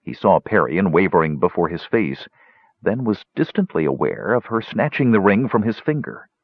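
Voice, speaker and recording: A man narrating a fantasy audiobook with expressive storytelling. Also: deep voice, moderate pace, husky, dry recording. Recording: dull, dry lo-fi recording.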